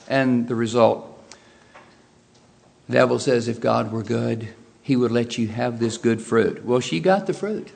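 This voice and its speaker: A man preaching a sermon, swinging from quiet asides to loud, emphatic exclamations. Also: mid-range voice, a little slow, creaky.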